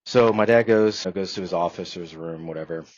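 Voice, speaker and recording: A man's voice: low voice, fairly quick, dry recording. A man in his thirties, a podcast guest, telling a personal story in an earnest, reflective way with many fillers. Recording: dry, slightly dull podcast audio.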